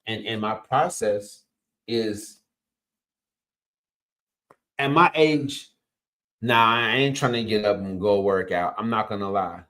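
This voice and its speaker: A man's voice: on the low side, slow, pauses often. A man, a coach and host giving an emphatic, casual motivational talk. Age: 50s. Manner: energetic, emphatic, punchy interjections.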